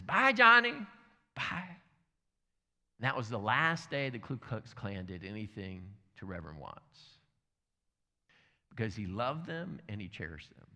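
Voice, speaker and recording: A male pastor telling a story during a sermon, animated, with lively asides. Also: medium pitch. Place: church sanctuary. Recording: church hall reverb.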